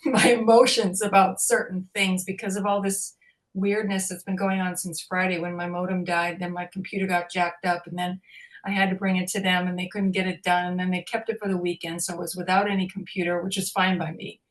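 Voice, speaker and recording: A woman in casual conversation, telling a personal story in an animated way and laughing along. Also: fairly low pitch, fairly quick.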